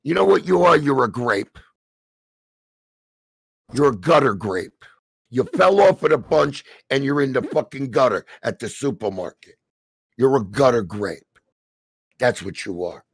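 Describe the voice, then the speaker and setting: Gravelly, furious New Jersey man ranting. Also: medium pitch, lively intonation, a little slow, pauses often, no echo. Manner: profane, heated, stammering rant. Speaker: stream co-host. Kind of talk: angry ranting commentary.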